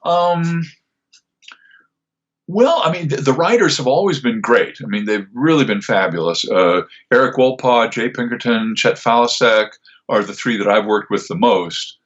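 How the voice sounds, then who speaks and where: A man's voice: medium pitch, expressive, normal speed, a bit bright, highs cut off. An older man, a voice actor, chatting in an interview with a rambling, restart-heavy manner. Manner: rambling, many fillers and restarts. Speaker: voice actor, guest. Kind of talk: casual interview answers.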